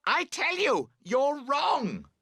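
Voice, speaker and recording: A man doing a furious shouting camper. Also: extremely high pitch, wildly swooping pitch, very slow, no echo, clean studio sound, voice pushed up, exaggerated voice. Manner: shouting, exasperated. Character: angry man shouting while pitching a wet tent.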